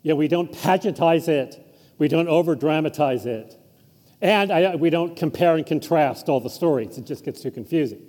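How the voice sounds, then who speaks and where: A man's voice: fairly high pitch, normal speed, dark tone, in a large hall. A man preaching a conversational sermon as a pastor, informal and chuckling through asides. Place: church sanctuary.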